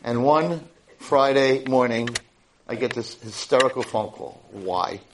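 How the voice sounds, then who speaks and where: Animated rabbi telling a story. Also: male voice, mid-range voice, unhurried, background noise. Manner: animated, acts out voices in stories. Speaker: rabbi and high school head. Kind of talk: Torah lecture with storytelling.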